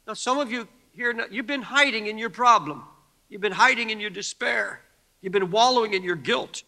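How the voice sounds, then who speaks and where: A man preaches with a high, very bright and piercing voice. He moves between hushed pleading and impassioned shouting, and a long hall reverb trails behind every phrase. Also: normal speed, vocal fry. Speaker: pastor. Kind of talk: sermon.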